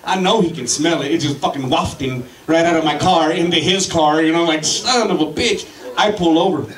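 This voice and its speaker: Profane high-voiced stand-up comic. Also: male voice, normal speed. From Colorado. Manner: profane, rowdy, shouts at the crowd. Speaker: stand-up comedian. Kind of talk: stand-up comedy set. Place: comedy club with live audience. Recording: echoey club from a distance.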